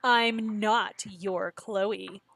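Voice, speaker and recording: A woman voicing a young girlfriend turned cold and sinister, speaking calmly with a sweet menace. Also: on the high side, slow pace, a little hiss or hum, rough recording.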